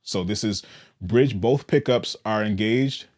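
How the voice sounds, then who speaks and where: A man casually demonstrating and explaining a bass guitar's controls, in a relaxed, explanatory way with frequent "all right" checks. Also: measured pace. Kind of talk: casual instructional demo.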